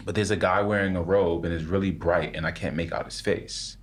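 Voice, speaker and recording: A brusque old grandfather who brushes off affection, as a man puts him on while telling a story. His voice sits higher than the teller's usual low tone but still stays lowish. He talks in short, offhand phrases. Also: steady tone, brisk, natural voice. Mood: casual. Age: older. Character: speaker's late grandfather, elderly man, gruff and unemotional.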